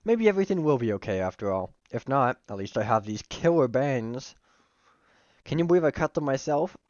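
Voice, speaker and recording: A man's voice: medium pitch, very animated, fairly quick, a little mellow, dry recording, close to an everyday voice. A sweet, jittery young woman from a dating game, voiced by a man reading aloud, fretful and a little dramatic. The lines sound dry and somewhat muffled, as if from a modest home mic. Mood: nervous. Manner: dramatic, anxious. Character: nervous sweet young woman cooking student.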